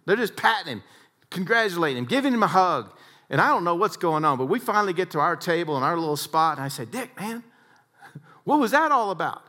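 A man giving an inspirational talk, telling stories in an animated way that swings between hushed and loud. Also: on the high side, fast. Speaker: speaker.

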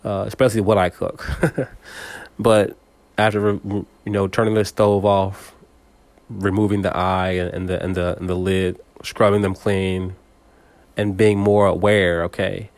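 A man's voice: low-pitched, flat delivery, measured pace, darkish tone, no echo. A man giving a reflective motivational monologue, speaking straight to the listener with frequent repetitions and stammered restarts.

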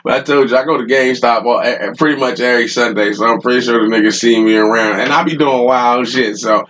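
A man's voice: medium pitch, steady tone, fast talker, fairly bright tone, a little hiss or hum, poor audio. A man hosting a podcast, telling a rambling, profane story in casual talk, often laughing, recorded in a room at home. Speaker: podcast host.

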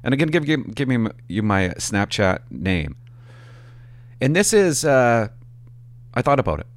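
A man, a former police officer telling stories in a casual, animated and profane way. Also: medium pitch, moderate pace, dry recording. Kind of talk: casual storytelling to camera.

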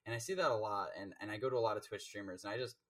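This Rocket League coach, chatting casually as an interview guest, speaks very fast in a fairly low, fairly bright voice. Recorded from a distance, he rambles through stories with lots of fillers and restarts.

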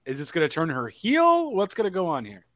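A man's voice: a little high, huge pitch swings, a little fast, fairly bright tone, no echo, clean studio sound. A man co-hosting a podcast, joking and swearing in casual chat about wrestling. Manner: joking, profane. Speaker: podcast co-host.

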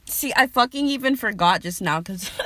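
A young woman talks through her solo podcast in a loose, rambling way, swearing casually and breaking into laughter. She trails off and restarts her thoughts. Her voice sits at an everyday middle pitch, recorded close and dry with no room sound. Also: sharp tone, no room sound. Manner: chatty, profane, laughs often, trails off mid-sentence. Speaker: podcast host.

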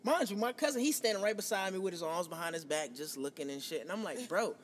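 A man in his thirties from New York, hosting a casual podcast and telling a profane, animated story. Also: high voice, fast, long reverb tail, a little hiss or hum. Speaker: podcast host.

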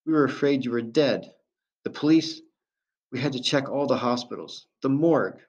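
A man's voice: medium pitch, normal speed, darkish tone, pitched above the performer's own voice, lightly acted. A man voicing a tearful, pleading mother. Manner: pleading, voice cracking. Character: distraught middle-aged mother, pleading then angry. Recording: dull lo-fi recording.

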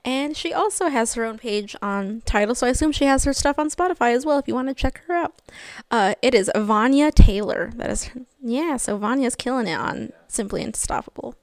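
A woman's voice: on the high side, lively intonation, a little fast, no room sound. Chatty young woman co-hosting a podcast. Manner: chatty, upbeat, laughs often. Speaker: podcast co-host. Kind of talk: casual podcast chat.

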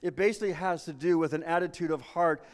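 A man's voice: a little high, quick pace. A man preaching a sermon as pastor, earnest and repeating himself as he restarts phrases. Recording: long reverb of a large hall.

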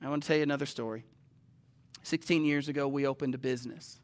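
A man preaching a sermon in a conversational way, asking his listeners questions and swinging from loud urgency to slow, hushed reading. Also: mid-range voice, steady tone.

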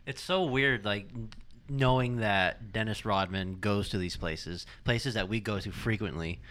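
A young man in a relaxed chat among comedian friends, musing aloud and agreeing easily. His voice sits on the low side. He sounds unhurried and casual.

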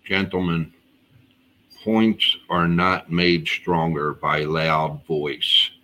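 Solemn male prophet figure, extremely low and unhurried. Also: level tone, sharp tone, exaggerated voice. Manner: slow, grave pronouncements. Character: solemn mystical male sage called the Prophet.

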